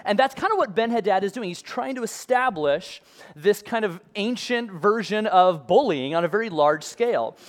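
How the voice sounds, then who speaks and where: A man's voice: sits high, animated, moderate pace. A male pastor preaching a sermon in a casual, conversational way, using modern comparisons.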